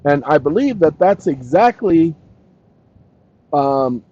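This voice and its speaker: A man's voice: on the high side, big pitch swings, mellow, slightly rough, dry recording. A man talks loosely to his screen, joking and trailing off. The recording is dry, close and a little dull, with no room sound behind him. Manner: slow, deliberate reading with dictated punctuation. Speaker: channel host. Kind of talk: casual solo talk, reading aloud from a screen.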